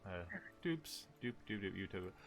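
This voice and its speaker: A man's voice: lowish voice, animated, moderate pace, vocal fry, crowd noise. A man narrating as game master, rambling with laughing self-corrections.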